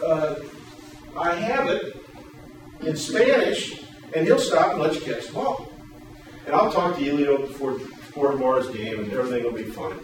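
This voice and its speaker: A man's voice: on the high side, measured pace, pauses often. Man presenting in an echoey hall. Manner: animated storyteller, loud acted quotes. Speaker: workshop presenter. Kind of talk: storytelling then presentation. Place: large echoey room. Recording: echoey hall, distant mic, room noise.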